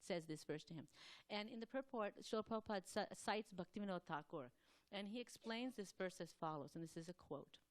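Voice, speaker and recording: Fast-talking woman giving a scripture class. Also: fairly low pitch. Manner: fast, rambling, loosely structured delivery; frequent fillers and throat clearing. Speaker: class speaker at a temple.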